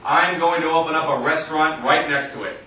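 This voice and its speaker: Wry stand-up comic, echoey far-off room. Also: male voice, a little high, a little fast, lo-fi sound. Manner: deadpan, wry, acts out other voices. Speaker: stand-up comedian. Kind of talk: stand-up set. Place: comedy stage in an arts center, live audience. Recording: echoey venue recorded from a distance, noisy.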